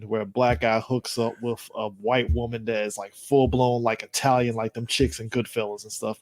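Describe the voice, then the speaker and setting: A man's voice: mid-range voice, darkish tone, dry recording. A man co-hosting a movie podcast, chatting casually and laughing at his own points. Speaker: podcast co-host.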